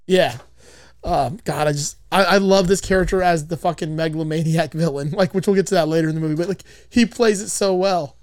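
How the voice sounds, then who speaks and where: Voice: medium pitch, a little fast, a little mellow, no room sound, studio quality. Casual, rambling podcast host. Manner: rambling, swears a lot, frequent fillers. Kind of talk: casual movie recap.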